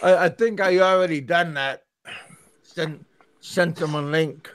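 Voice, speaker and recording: A man's voice: fairly high pitch, measured pace, a bit bright, clear, resonant tone, dry recording. A man hosting his own show, telling a story in casual chat and stumbling over his words, repeating them as he goes. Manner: talks back to chatters who interrupt him. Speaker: show host.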